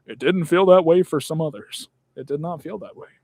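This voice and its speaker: A man's voice: a little high, a little fast, gravelly, darkish tone, no echo. A young man in casual chat, blunt and rambling, swearing often.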